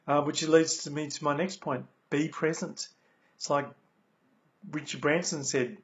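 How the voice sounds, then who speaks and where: A man's voice: on the high side, steady tone, a little slow. An Australian man giving a motivational talk about lessons from his recovery, earnest, repeating key phrases, with many ums. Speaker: speaker sharing recovery lessons. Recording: dull lo-fi recording.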